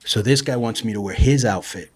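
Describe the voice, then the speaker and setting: A man's voice: medium pitch, fairly quick, darkish tone, slightly rough, no room sound. A middle-aged man, a guest on a show, telling stories in a casual, profane way, often saying "bro" and "you know". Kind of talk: casual storytelling.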